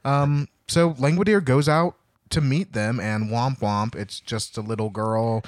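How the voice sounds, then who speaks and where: A man's voice: medium pitch, unhurried, no room sound, studio quality. A man co-hosting a casual podcast, retelling a book with swearing and acted-out quotes. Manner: lively, swears, acts out characters in quotes. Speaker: podcast co-host.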